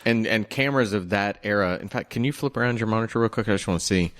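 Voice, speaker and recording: Low-voiced man, dry close sound. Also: fast, a bit bright, no echo. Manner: detail-minded film analysis, thinking aloud. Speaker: podcast co-host. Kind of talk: casual chat.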